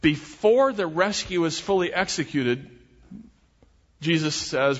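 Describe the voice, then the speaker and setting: A man's voice: on the high side, lively intonation, slow, pauses often. A man preaching a sermon as pastor, earnest and emphatic, often restarting his phrases. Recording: dull recording with long hall reverb.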